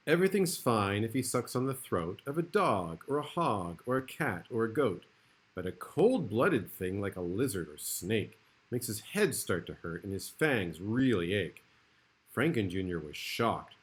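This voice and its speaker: Man, kindergarten teacher, storybook read-aloud, playful rhymes, slow, very expressive. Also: on the low side, slightly rough. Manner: playful, rhythmic rhyming delivery.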